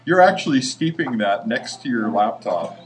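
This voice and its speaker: A man's voice: medium pitch, expressive, moderate pace, crowd noise. A man in a casual group chat, making dry teasing jokes.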